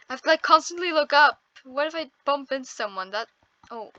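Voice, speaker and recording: A woman's voice: high voice, animated, brisk, sharp tone, no room sound, lo-fi sound. A woman giving casual gameplay commentary on her first video, nervous and apologetic, exclaiming often. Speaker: first-time gaming video creator.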